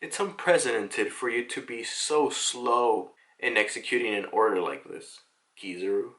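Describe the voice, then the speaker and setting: A man voicing a cold, cruel male demon noble who makes slow, measured threats. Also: mid-range voice, a bit bright, lightly acted, rough recording. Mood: coldly menacing.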